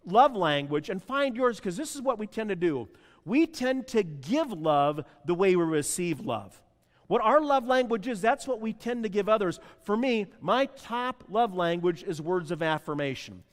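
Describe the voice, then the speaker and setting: A man's voice: sits high, long reverb tail. A man preaching as pastor to his congregation, repeating key lines and getting the room to answer back. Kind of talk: sermon. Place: church sanctuary.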